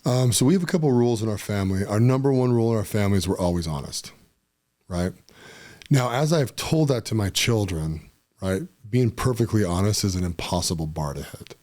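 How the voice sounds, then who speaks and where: A middle-aged man with a somewhat low voice talks in a relaxed podcast chat. He gets emphatic and animated as he tells his stories. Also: brisk. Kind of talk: casual podcast conversation.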